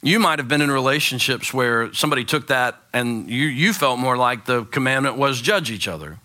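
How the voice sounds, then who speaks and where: A man in his forties, a pastor giving a sermon with animated, joking storytelling. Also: mid-range voice, a little fast. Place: church sanctuary.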